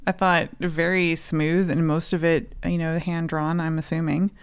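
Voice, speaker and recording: A woman's voice: low-pitched, level tone, unhurried, clear, resonant tone. A woman co-hosting a podcast, chatting casually and laughing as she talks. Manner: chatty, laughs while talking. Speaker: podcast co-host. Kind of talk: casual chat.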